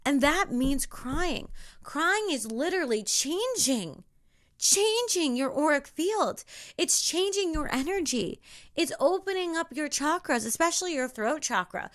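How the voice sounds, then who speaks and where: A woman's voice: high-pitched, animated, measured pace. A young adult woman hosting a spiritual self-help podcast, talking casually and with energy, swearing now and then and leading listeners in chanted call-outs. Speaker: podcast host.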